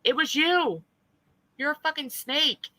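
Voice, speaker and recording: A woman's voice: sits high, expressive, slow, pushed and bright, no room sound, rough recording. A woman streamer ranting in blunt, profane, heated commentary to her live chat. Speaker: livestreamer.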